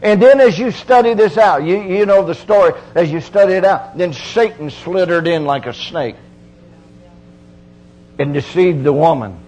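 Middle-aged male preacher, high voice, homespun and insistent sermon delivery. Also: normal speed, a little mellow, rough recording. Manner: folksy, emphatic preaching with repeated phrases.

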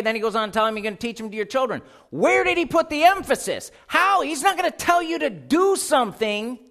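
A man's voice: high-pitched, bright, forceful tone. A man preaching a sermon, reading scripture aloud and putting questions to his congregation.

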